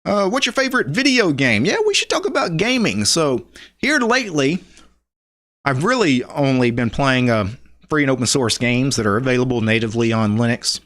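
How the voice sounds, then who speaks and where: Middle-aged Louisiana man, host of a relaxed live stream, easygoing and chatty, mid-pitched voice, reads out viewer comments. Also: moderate pace. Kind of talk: casual live stream chat.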